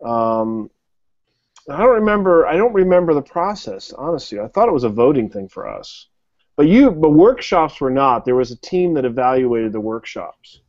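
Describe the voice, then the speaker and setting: A man's voice: on the high side, big pitch swings, normal speed, a little mellow. A man talking casually as a podcast co-host, blunt and joking. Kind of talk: casual chat. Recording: lo-fi, dull sound.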